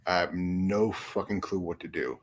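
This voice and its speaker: A man's voice: low-pitched, normal speed. A young man hosting a casual live chat, rambling and cursing, self-deprecating about being unsure what to do. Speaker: livestream host. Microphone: phone or headset mic.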